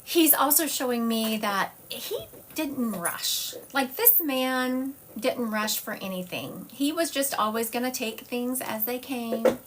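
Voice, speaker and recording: Her voice sits a little high, and there's slight noise in the background. Streaming a reading from her home, this psychic medium chats away and keeps drifting into tangents and side stories.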